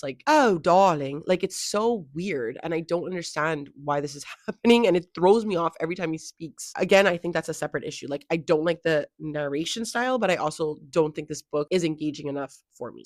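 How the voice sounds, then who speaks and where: A woman's voice: on the low side, no room sound. Young woman, casual book vlogger, chatty, filler-heavy, dry close sound. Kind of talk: casual reading vlog.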